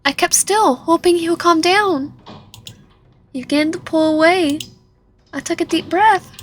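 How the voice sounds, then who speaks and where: A woman's voice: sits high, a bit bright. A young woman hosting a gaming channel, reading a visual novel aloud dramatically with commentary, often stumbling and restarting words. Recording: faint game music behind.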